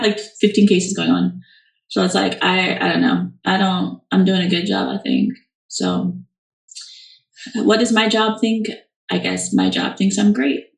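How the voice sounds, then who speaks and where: A woman's voice: medium pitch, creaky, recorded from a distance. A young woman chatting casually on a livestream, answering fan questions with lots of fillers and restarts. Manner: chatty, rambling, many fillers. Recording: echoey room, off-mic.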